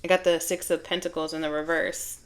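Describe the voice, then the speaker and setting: A woman's voice: low voice, level tone, fairly quick, slight background noise. A woman giving a casual tarot reading to her viewers, chatty, laughing often and breaking off mid-sentence. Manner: chatty, laughing, self-interrupting. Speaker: tarot reader.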